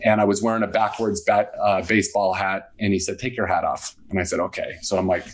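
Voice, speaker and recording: Lower-voiced man telling a story. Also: fairly quick. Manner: animated storyteller acting out quoted dialogue. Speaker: guest. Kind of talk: casual storytelling interview.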